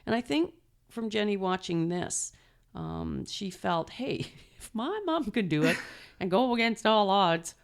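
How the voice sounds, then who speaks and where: A middle-aged woman telling animated stories as an interview guest, laughing often and acting out quotes. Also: medium pitch, unhurried. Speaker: guest, mother and performer. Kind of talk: storytelling interview.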